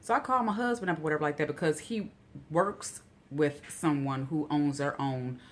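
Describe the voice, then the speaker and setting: A woman vlogger telling a rambling, casual story full of "you know" asides, getting animated and incredulous when outraged. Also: sits low, normal speed.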